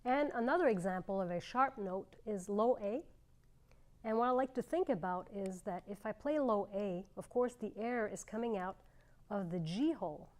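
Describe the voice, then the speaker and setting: A middle-aged woman gives a clarinet lesson, explaining each step clearly and patiently. She speaks at a medium pitch and pauses between ideas. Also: darkish tone. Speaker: clarinet teacher. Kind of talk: instructional demonstration.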